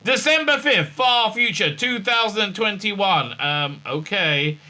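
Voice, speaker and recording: Bright-voiced sarcastic male reviewer. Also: animated, takes it slowly. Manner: sarcastic, rambling, acts out quotes in high squeaky voices; many fillers and hesitations. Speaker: reviewer and show host. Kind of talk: casual review recap.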